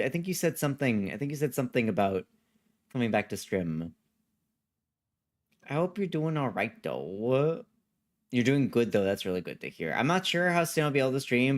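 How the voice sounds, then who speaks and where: A man streaming a video game live, chatting casually with viewers in a rambling way and often repeating himself. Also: mid-range voice. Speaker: gaming livestreamer. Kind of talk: casual live-stream chat reading chat messages.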